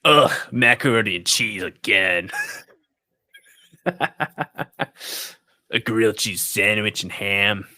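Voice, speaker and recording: A man's voice: on the low side, sharp tone, full character voice. A man putting on a fake British accent to play a scornful, disgusted celebrity chef. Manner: disgusted, drawn-out sneering.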